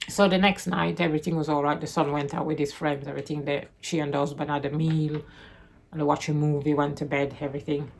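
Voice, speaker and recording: A woman's voice: low voice, flat delivery, quick pace, vocal fry, slight background noise. A woman chatting casually through a book review, rambling and correcting herself as she loosely retells the plot.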